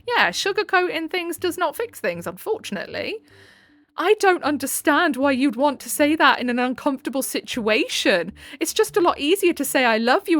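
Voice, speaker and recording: Girl reading reddit stuff out loud, sarcastic and blunt, voice bounces up and down a lot. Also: high-pitched, dry recording. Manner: sarcastic, frank, quick to laugh. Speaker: channel host reading online posts. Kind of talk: reading posts with chatty commentary.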